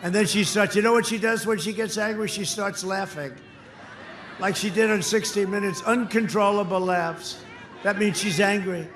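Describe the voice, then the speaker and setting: A man giving a boastful, mocking campaign rally speech from a podium microphone, repeating lines and shouting them out to the crowd. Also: high-pitched, moderate pace. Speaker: candidate speaking at a campaign rally. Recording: echoey sound system with crowd noise.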